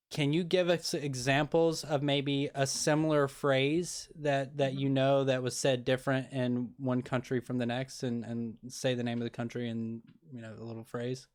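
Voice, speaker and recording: A man's voice: medium pitch, steady tone, normal speed. A man hosting an interview podcast, talking in an easygoing, rambling way. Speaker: podcast host. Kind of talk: casual interview chat.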